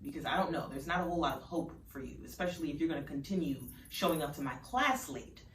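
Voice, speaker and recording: A woman's voice: deep voice, animated, fast, a bit bright, a little hiss or hum. A woman voicing a stern, sarcastic male professor who talks down dryly. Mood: scolding. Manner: dry, condescending. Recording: roomy, distant mic.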